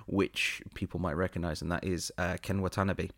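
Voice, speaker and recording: A man's voice: sits low, steady tone, fairly quick, a bit bright, dry recording, clean studio sound. A man co-hosting a podcast, explaining and reviewing films in a chatty, laid-back way. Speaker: podcast co-host. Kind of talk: casual film review chat.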